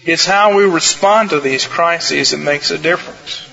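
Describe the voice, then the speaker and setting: Bright-voiced male pastor preaching. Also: a little high, gravelly, highs cut off. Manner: earnest, emphatic, shifting between slow stresses and quick asides. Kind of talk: sermon.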